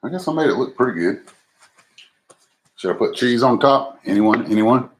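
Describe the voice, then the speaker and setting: Medium-pitched, with lively intonation and normal speed, this man hosts a cooking livestream from a noisy home setup. His manner is casual and folksy as he jokes at his own expense and talks to viewers over the stove.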